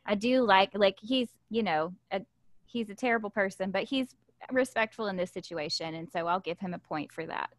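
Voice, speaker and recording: A woman's voice: medium pitch, moderate pace, no echo. A woman co-hosting a casual book discussion, candidly retelling scenes. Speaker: book club podcast co-host. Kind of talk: casual chat.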